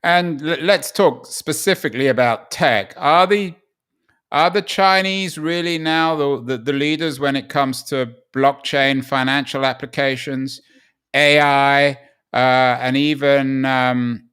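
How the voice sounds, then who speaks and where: A man's voice: mid-range voice, steady tone, unhurried, a bit bright, clean tone. A man co-hosting a podcast discussion, asking probing, wry questions. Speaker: podcast co-host. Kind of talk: casual discussion.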